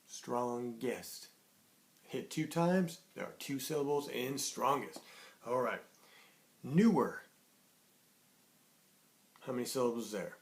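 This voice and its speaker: A man teaching young children in an online lesson, cheerful and patient, slowly sounding out words. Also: mid-range voice, lively intonation. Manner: cheerful, sings a greeting song, slow clear sounding out of words.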